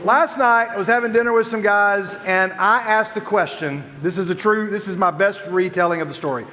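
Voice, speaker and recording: A man hosts a youth gathering with jokey, animated banter. His voice sits high and bright. A long reverb from a big hall trails every line. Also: a little fast. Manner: jokey and animated, laughs often. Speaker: youth group host. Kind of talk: playful stage banter with a crowd. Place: large hall with audience.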